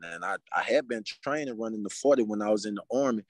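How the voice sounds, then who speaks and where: A podcast guest from Mobile, Alabama tells a story in casual conversation, animatedly acting out the dialogue in quotes. His voice is on the low side and quick, with no echo.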